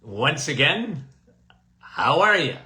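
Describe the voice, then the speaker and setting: Male host, bright slightly high voice, chatty live-stream greeter, roomy tablet-mic sound. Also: sing-song, slow pace. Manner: greets viewers by name, chatty. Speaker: host of a health livestream and podcast. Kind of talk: casual livestream chat.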